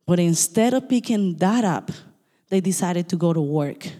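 A woman pastor with a non-native English accent, preaching a sermon fast and emphatically, with quick asides to her listeners. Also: on the low side, expressive, dark tone, big-room sound.

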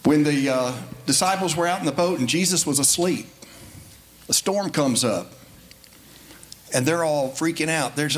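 Folksy preacher man, slightly high. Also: moderate pace, pauses often. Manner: folksy, conversational, rising to emphatic peaks. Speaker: lay preacher. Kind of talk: sermon. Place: church sanctuary. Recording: faint background noise.

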